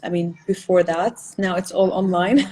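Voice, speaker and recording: A woman's voice: on the low side, measured pace, dark tone, a little hiss or hum, low-quality recording. A woman fitness trainer answering interview questions, laughing often and using many fillers.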